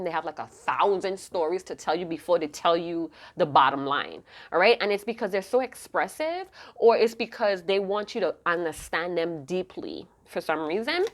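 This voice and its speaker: Rambling, emotive woman tarot reader. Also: lowish voice. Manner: rambling, emotive, self-interrupting. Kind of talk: intuitive tarot reading to camera.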